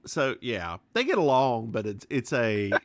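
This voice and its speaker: A man's voice: medium pitch, sing-song, a little slow, no room sound. A man co-hosting a podcast, chatting casually and laughing often while recapping a TV episode. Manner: chatty, laughs often, playful put-on voices. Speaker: podcast co-host.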